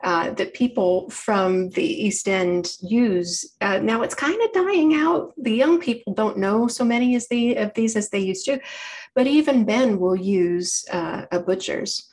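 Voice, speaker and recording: A woman's voice: mid-range voice, a little slow, darkish tone, poor audio. A woman presenting a public library talk, explaining things in a chatty way with wry asides.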